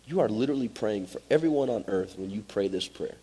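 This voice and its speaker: A man's voice: lowish voice, animated, normal speed, mellow, breathy edge. A man, preaching a sermon as pastor in a direct, conversational way. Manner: direct, conversational, Southern-tinged "y'all" asides.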